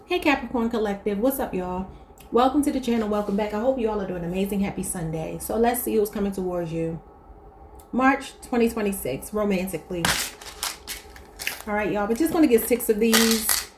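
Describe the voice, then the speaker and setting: A woman's voice: medium pitch, fairly quick, slight background noise. A woman with a Baltimore accent, giving a casual, chatty tarot reading and talking straight to her viewers. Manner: chatty, addresses viewers as y'all. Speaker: tarot reader.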